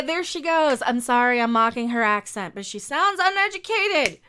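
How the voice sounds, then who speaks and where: A woman's voice: sits high, expressive, moderate pace, sharp tone, clean tone. A woman streamer ranting sarcastically through a live reaction stream, talking back at the video and sometimes tripping over her words.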